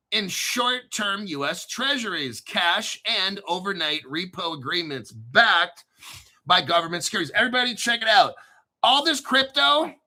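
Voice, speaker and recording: A man hosting a crypto channel, reading news aloud with excitable, joking, profane commentary and frequent throat clearing. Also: high-pitched.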